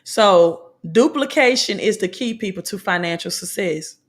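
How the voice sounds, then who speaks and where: A woman's voice: medium pitch, lively intonation, moderate pace. A woman with a Southern American accent, hosting a motivational business talk and preaching in repeated slogans and alliterations. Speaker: host.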